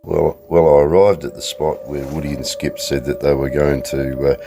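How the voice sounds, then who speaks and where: Man doing a booming deep space traveller. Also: level tone, normal speed, vocal fry, background noise. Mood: impatient. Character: deep-voiced male space traveller, weary.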